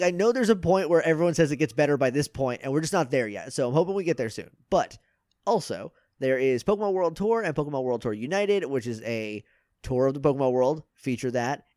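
A man guest on a podcast, chatting casually and plugging his shows with quick asides. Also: medium pitch, darkish tone, no echo, studio quality.

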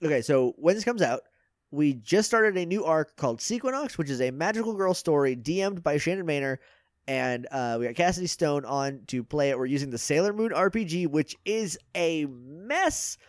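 A man guest on a podcast, chatting casually and plugging his shows with quick asides. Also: on the high side, animated, no room sound, studio quality.

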